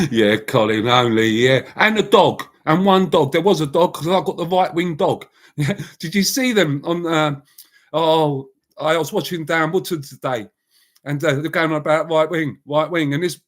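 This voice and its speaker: A man's voice: on the high side, measured pace. A man hosting a casual live chat, talking bluntly in a rambling way and answering viewers by name. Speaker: livestream host.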